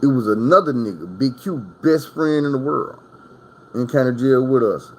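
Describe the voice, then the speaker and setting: A man tells stories straight to the camera in a loose, rambling way, cursing freely. His pitch sits in the middle range for a man, neither deep nor high. He drifts from tale to tale as if talking to friends. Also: lively intonation, moderate pace, a little hiss or hum. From Arkansas. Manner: profane, rambling, conversational. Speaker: storyteller recounting prison stories. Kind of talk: casual storytime monologue.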